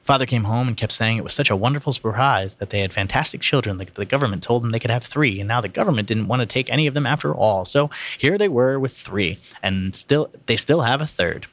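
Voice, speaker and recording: A man's voice: mid-range voice, fast, few pauses, a bit bright, no room sound. A man reading a novel aloud in a plain, unpolished way, with slips and restarts. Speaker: reader.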